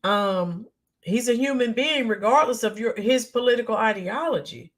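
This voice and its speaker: Woman, livestream host, fairly high voice, halting delivery with many ums, reads chat names aloud. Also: lively intonation. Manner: talks to viewers by name, halting with many ums. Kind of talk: casual livestream commentary.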